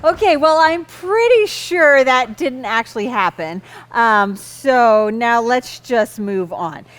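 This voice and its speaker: A woman tells a Bible story to children in a high, animated voice. She stays patient and gently amused, steering the lesson back on course whenever it drifts. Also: slow pace, a little hiss or hum. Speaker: kids' lesson host and storyteller.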